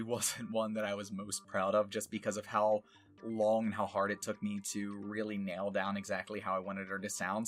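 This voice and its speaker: With a lowish voice and a sharp tone, a man who does voice acting looks back casually on his past parts. He rambles, filling gaps with fillers and little laughs.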